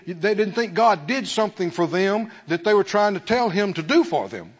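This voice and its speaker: A man preaching a fervent sermon to his church, swinging from quiet asides to shouted praise. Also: sits high, lo-fi sound. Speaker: pastor.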